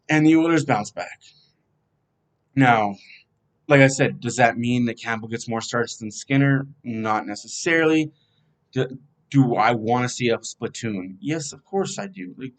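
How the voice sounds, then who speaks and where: A man hosting a fan podcast, casually previewing a hockey team's schedule and thinking aloud as he talks. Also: medium pitch.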